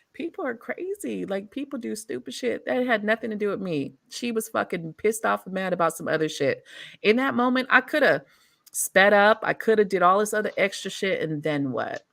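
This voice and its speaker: A woman hosting a casual chat, telling stories in an animated, profane way and laughing often. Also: mid-range voice, moderate pace, creaky, dry recording, clean studio sound. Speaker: host.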